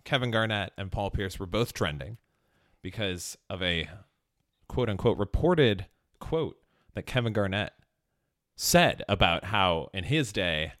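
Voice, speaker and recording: A man co-hosting a podcast in casual chat, making wry asides and explaining at a measured pace. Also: lowish voice, lively intonation, fairly bright tone, no room sound, clean studio sound. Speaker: podcast co-host.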